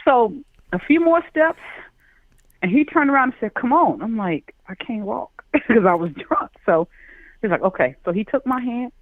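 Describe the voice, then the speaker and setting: A Chicago man in his forties, a guest on a call-in chat, tells an animated story and acts out the quoted voices. His voice is very high and his speed normal. The tinny phone line is dry, with no room sound.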